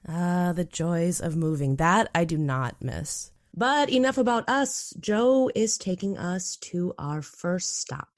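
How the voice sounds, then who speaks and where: Lowish-voiced woman hosting a podcast. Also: slow, few pauses. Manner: animated, frank, peppered with "like". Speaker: podcast host.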